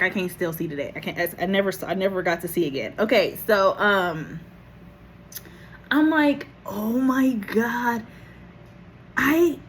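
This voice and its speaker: A woman recording herself on her phone, telling a personal story in a casual, animated way, laughing often and acting out what people said. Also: medium pitch, a little hiss or hum. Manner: animated, laughing, acts out quotes, casual swearing. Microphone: phone camera.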